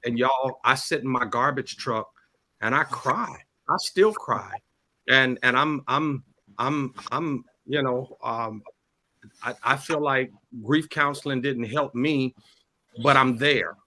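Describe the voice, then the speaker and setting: A middle-aged man with a bright, forceful voice speaks about loss as a talk-show guest. He pauses often and repeats words, his speech halting. His pitch sits in the middle range. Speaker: pastor and guest. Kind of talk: emotional talk-show testimony.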